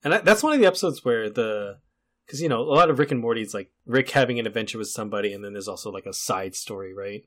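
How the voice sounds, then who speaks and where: Chill guy on a podcast, lowish voice, just chatting about episodes. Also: lively intonation, quick pace. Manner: easygoing, chatty. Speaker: podcast co-host steering the discussion. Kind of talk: casual chat.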